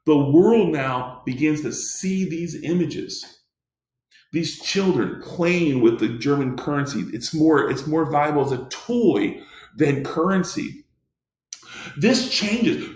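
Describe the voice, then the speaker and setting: A man's voice: fairly high pitch, reverberant. A man teaching a history lecture in an emphatic way, often restarting his sentences. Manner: emphatic, many restarts and fillers. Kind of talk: recorded classroom lecture.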